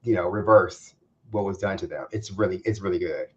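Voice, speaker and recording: A man co-hosting a casual chat show, quick and excitable, repeating words as he talks. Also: deep voice, lo-fi sound. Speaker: co-host.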